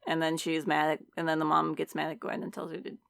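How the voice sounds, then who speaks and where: A woman with a low voice chats casually on a podcast, animated and quick to act out characters as she talks. The sound is dry and close-miked, with no room around it. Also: gravelly, no echo. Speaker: podcast co-host. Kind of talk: casual chat.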